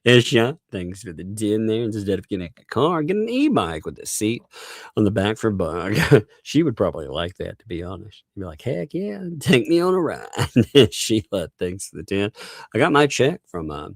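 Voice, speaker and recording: A man's voice: lowish voice, very animated, normal speed, dry recording, clean studio sound. A male livestream host in casual chat, reading out viewer donations and laughing constantly between remarks.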